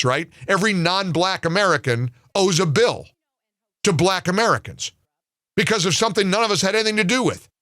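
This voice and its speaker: A man's voice: high voice, pushed and bright, no room sound, studio quality. A man hosting a talk radio show, ranting angrily and sarcastically, often repeating words as he gets worked up. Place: radio studio. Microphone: studio mic.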